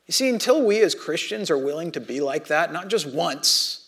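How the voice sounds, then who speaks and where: A pastor preaching a sermon, telling a self-deprecating personal story in a conversational way and moving between quiet and loud. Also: male voice, on the high side, lively intonation, normal speed.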